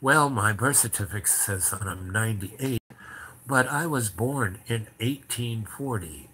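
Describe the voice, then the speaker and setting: Man doing a hushed, uncanny ageless old man. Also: fairly low pitch, expressive, a little hiss or hum. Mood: quietly insistent. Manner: soft, slow, hushed delivery. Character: ancient man looking forty, uncanny, flattering.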